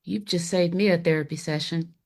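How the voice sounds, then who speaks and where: A woman's voice: fairly low pitch, steady tone, a little fast, darkish tone. A woman hosting a podcast, asking a guest questions in a casual interview. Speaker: podcast host.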